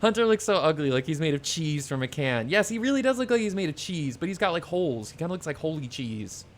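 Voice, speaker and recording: A man's voice: on the high side, sing-song, quick pace, slight background noise. A man giving casual, rambling commentary over a video game he is playing, sarcastic and swearing when annoyed. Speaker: let's play streamer. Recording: faint game music behind.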